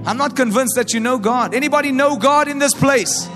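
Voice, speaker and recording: A male preacher delivering an energetic call-and-response sermon to a congregation at a live-streamed service. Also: extremely high pitch, a little fast. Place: large church hall during a live-streamed service. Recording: long hall reverb with faint music behind.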